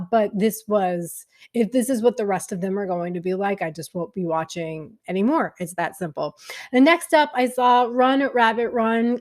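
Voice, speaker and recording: A woman casually reviewing films she watched, chatty and candid, with frequent fillers. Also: mid-range voice. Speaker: film vlogger.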